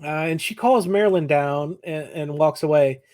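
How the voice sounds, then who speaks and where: Animated higher-voiced male podcast co-host. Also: moderate pace. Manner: animated, laughs often, acts out lines. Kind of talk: casual chat recapping an episode.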